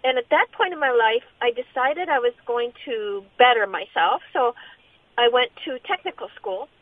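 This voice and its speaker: A middle-aged woman giving a personal testimony as an interview guest, speaking in a halting, earnest way with many restarts. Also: on the high side, animated. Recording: tinny phone-line sound.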